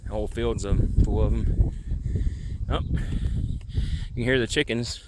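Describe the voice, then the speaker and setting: The vlogger's fairly low, steady voice moves at a slow pace against background noise. He's giving a relaxed, meandering tour of his rural land after dark, filmed outside with a handheld camera.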